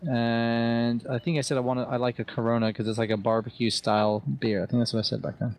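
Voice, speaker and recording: A man's voice: mid-range voice, flat delivery, brisk, a little mellow, no echo. A British man, a podcast guest, chatting in a rambling, self-deprecating way. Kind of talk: casual podcast chat.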